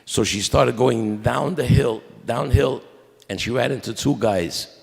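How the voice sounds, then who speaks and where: A man telling his family's history at a memorial mass, in a conversational, halting way with many restarts and quoted dialogue. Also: mid-range voice, gravelly, long reverb tail. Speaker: eulogy speaker at a memorial mass. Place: church.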